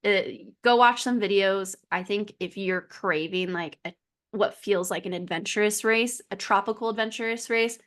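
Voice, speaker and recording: A woman's voice: medium pitch, moderate pace, fairly bright tone. Woman cohosting a podcast, easygoing chatter, laughs a lot, lots of ums. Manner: chatty, laughs often, many fillers. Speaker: podcast co-host. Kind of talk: casual podcast chat.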